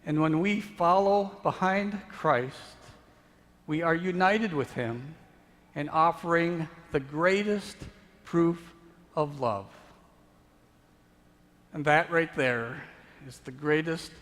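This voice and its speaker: A man preaching a sermon as pastor, slow and deliberate, rising to emphatic peaks and sinking to hushed tones. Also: on the high side. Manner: slow, building to emphatic then dropping to hushed. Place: church sanctuary. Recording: long church reverb.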